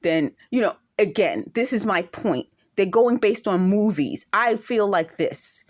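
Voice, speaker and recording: A woman vlogger with an accent speaks to camera in a mid-range, animated voice at a measured pace. She sounds indignant, leaning on emphatic rhetorical questions.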